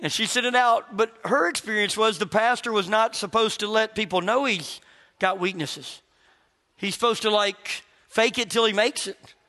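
A man with a high, bright, ringing voice preaches a sermon from the pulpit. He tells stories with lively energy and slips into other people's voices. His words ring out with a long reverb in the church. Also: normal speed. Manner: animated storytelling, acts out quoted voices. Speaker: pastor.

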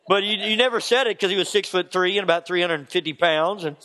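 A man's voice: sits high, fast, bright, forceful tone. A man preaching a sermon in a church, telling folksy stories and acting out the people in them. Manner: folksy storytelling, acts out quotes. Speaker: pastor. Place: church sanctuary. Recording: long reverb of a church hall.

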